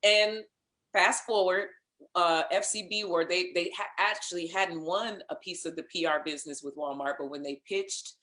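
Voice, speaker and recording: A woman being interviewed, telling a lively story in casual conversation, acting out what others said and laughing along. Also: on the low side, moderate pace, roomy sound. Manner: animated storyteller, acts out others' lines, laughs. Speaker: interview guest, singer and voice actor.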